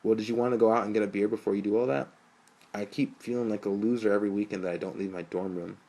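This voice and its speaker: An eager young college student joking with his friends, voiced by a man. Low, relaxed delivery in a casual audiobook reading. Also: quick pace, gravelly. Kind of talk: audiobook narration.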